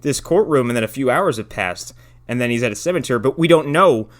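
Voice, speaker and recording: A man of ordinary pitch rambles through a movie review with dry sarcasm and plenty of swearing. His talk is casual podcast chat, loose and digressive. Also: expressive, fast talker. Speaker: podcast co-host.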